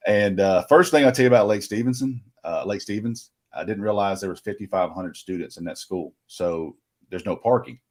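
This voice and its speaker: Middle-aged male reporter, very deep voice, rambling storyteller. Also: a little fast, darkish tone. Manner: rambling anecdotal with quoted dialogue. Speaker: recruiting reporter. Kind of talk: casual storytelling.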